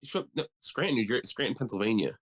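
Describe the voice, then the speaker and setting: Rapid-fire and animated, a young Delaware man with a mid-range voice co-hosts a podcast full of casual chat. He's loose and rambling, cursing freely, joking, and slipping into mocking impressions.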